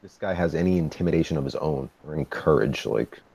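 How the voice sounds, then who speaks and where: A man's voice: very deep voice, animated, fast, gravelly, darkish tone, slightly rough. A man playing a tabletop role-playing game, talking casually and hesitantly. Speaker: player.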